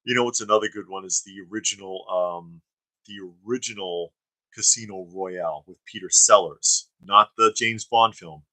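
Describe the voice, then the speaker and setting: Low, bright-voiced man chatting casually. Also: moderate pace, dry recording, rough recording. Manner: rambling, trails off into fillers and restarts. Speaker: co-host of a live stream. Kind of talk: casual chat reading viewer comments. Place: studio.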